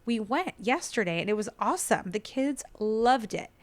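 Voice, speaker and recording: A woman's voice: fairly high pitch, animated, moderate pace. A woman in her thirties hosting a podcast, telling a family story in a chatty, exasperated way, full of "like.". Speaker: podcast host. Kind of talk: casual storytelling.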